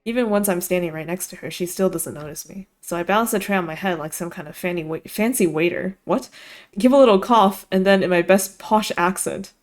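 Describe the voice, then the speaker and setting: A woman's voice: fairly low pitch, a little fast. A young woman streamer reading a visual novel aloud, with giggly, rambling asides full of "like".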